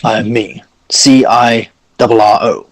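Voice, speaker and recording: A man's voice: on the low side, steady tone, measured pace, poor audio. A man voicing an irritable, haughty old man who speaks through a magical projection. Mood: pompous. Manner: haughty and exasperated.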